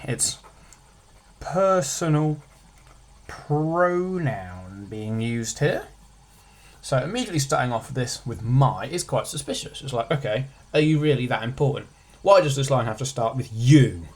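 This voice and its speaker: Chatty man with a lively voice. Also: mid-range voice, measured pace. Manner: chatty, jokey asides, stresses single words. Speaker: English revision tutor. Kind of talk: casual revision lesson.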